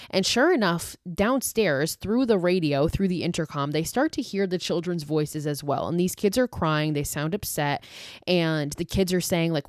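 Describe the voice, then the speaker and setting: Woman host, lowish voice, dry close mic, casual film recap with swearing rants. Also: animated, normal speed, no room sound. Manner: profane, exasperated asides; filler-heavy retelling with 'like'. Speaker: podcast host.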